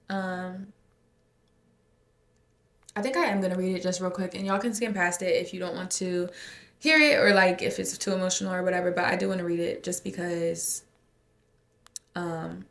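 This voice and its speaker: Gravelly-voiced woman podcaster, echoey room. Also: lowish voice, fairly bright tone. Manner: rambling, filler-heavy, heartfelt. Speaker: podcast host. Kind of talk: casual podcast monologue.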